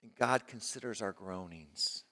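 A man's voice: unhurried, creaky. Man preaching in an echoing hall. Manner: dynamic preaching, drops to soft low tones and rises with emphasis. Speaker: pastor. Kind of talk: sermon.

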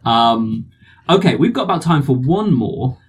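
A man's voice: medium pitch, very animated, measured pace, husky. A man hosting a casual chat, playful and self-deprecating. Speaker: podcast host.

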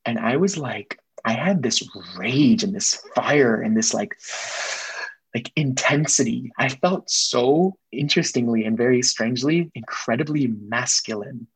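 A young man, a guest, telling a personal story in casual conversation, quick and earnest, slipping in Spanish phrases. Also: mid-range voice, breathy edge, no room sound, poor audio.

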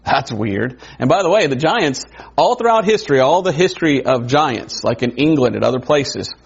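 A man preaching a sermon in a conversational way, wondering aloud and adding quick asides. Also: medium pitch, big pitch swings, vocal fry, breathy edge. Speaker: pastor. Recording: dull lo-fi recording.

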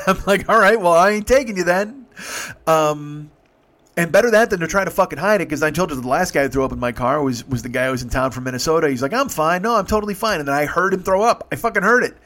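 A man, a rideshare driver, casually telling stories and acting out dialogue, swearing freely. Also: a little high. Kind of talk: casual storytelling monologue.

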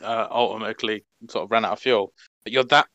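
A man co-hosting a casual chat, retelling moments in an excitable, animated way. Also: fairly low pitch, fast, dry recording, lo-fi sound. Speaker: co-host.

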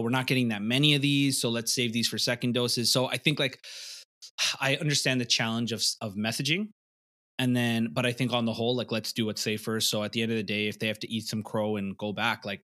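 A young man co-hosting a podcast in casual chat, animated and slangy, often laughing and acting out what people say. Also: fairly low pitch. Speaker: podcast co-host.

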